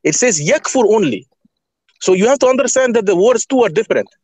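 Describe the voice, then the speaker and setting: A man calling in to argue a religious point, halting and repeating himself as he questions the host. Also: high voice, expressive, darkish tone, no room sound. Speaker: caller. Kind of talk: heated religious debate.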